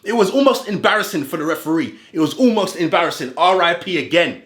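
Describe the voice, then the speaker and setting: A fired-up man rants through a football reaction video in thick street slang. His voice sits high and swings wildly up and down. The sound bounces around a roomy space. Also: fast. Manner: animated, ranting, street slang. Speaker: football fan vlogger reacting to a clip. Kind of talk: heated reaction commentary. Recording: roomy echo.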